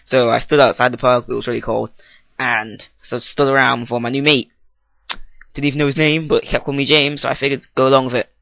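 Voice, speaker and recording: A teenage boy, a vlogger testing out a new microphone, launches into an improvised comic rant that's rambling and goofy, and he keeps cutting himself off. His mid-range voice is fast, creaky and a bit bright, with little pitch movement. The audio is dull and has no room sound.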